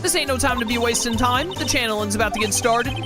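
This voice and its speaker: A brash, pushy Southern gal photographer who talks folksy and chummy, sitting a touch higher and louder than plain talk, as a woman streamer puts her on. Game music plays behind. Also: fast talker, close to an everyday voice. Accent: put-on Southern US.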